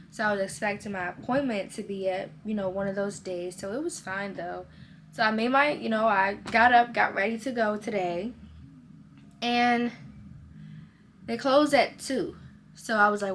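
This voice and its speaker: A young woman telling a story to her vlog audience in a casual, animated way, acting out both sides of a conversation. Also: medium pitch, moderate pace, slight background noise. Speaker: vlogger.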